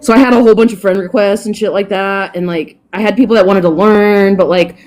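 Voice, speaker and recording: A woman's voice: mid-range voice, a little fast. A middle-aged woman, a dog groomer guest on a podcast, telling a story casually with lots of laughing and swearing. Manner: animated, profane, laughs often.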